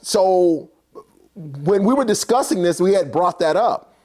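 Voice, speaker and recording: A man with a notably high-pitched voice tells a personal story in a relaxed, conversational way. He keeps it animated, slipping into the voices of the people involved and filling the gaps with casual fillers. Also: a little slow. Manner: animated, acts out characters, many fillers.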